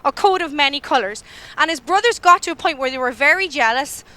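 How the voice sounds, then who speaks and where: Irish girl in her 20s telling a story at church, bright and high, acts out her own panic. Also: animated, fairly quick. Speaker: church speaker. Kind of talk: storytelling sermon.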